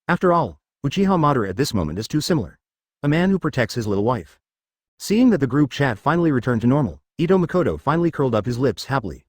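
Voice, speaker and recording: A man's synthetic voice narrating a web novel, reading everything in an even, machine-like way. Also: medium pitch, no echo, clean studio sound. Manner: flat synthetic reading, reads markup aloud.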